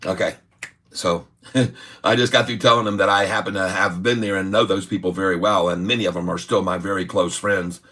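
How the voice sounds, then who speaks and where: A middle-aged man hosts a casual stock-market livestream, rambling and joking as he drifts between charts and side topics. His voice sits a little low but comes across bright and forceful. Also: fairly even intonation, fairly quick. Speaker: day-trading livestream host.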